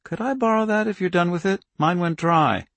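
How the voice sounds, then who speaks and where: A man's voice: high-pitched, normal speed, a bit bright, dry recording, pitched above the performer's own voice. A man voicing a tall, pretty young woman student who is friendly but a little nervous, in a dry studio recording.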